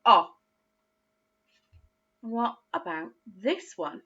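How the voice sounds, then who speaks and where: A woman teaching a phonics lesson to young children, speaking slowly with exaggerated, encouraging praise. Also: mid-range voice, bright, forceful tone, husky, highs cut off. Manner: slow, encouraging, sing-song teacher talk with exaggerated praise. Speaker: early years teacher.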